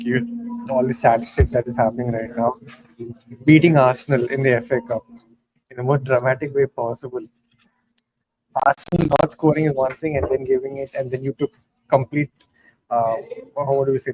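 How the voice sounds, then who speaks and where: A man's voice: medium pitch, darkish tone, poor audio. Man host asking eager questions. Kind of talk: casual podcast chat.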